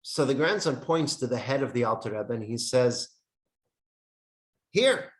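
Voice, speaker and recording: A man teaching a lesson on Jewish meditation, speaking in short emphatic phrases with pauses and reading from a handout. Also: medium pitch. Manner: reads from a text handout. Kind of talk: classroom lesson with storytelling. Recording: roomy echo.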